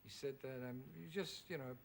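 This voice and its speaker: A man's voice: medium pitch, a little fast, slight background noise. A middle-aged man hosting a talk show, asking his guest friendly, leading questions.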